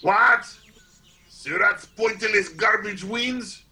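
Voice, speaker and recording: A man playing a lecherous, boastful male painter who talks in a slow, coaxing way. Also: sits high, sharp tone, heavily acted. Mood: leering.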